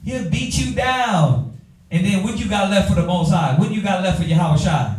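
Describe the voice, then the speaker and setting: A man, teaching a Bible class in an animated preaching style, talking straight to the room. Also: high voice, quick pace, distant mic. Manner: animated, talks to the room, acts out quoted voices. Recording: echoey room from afar.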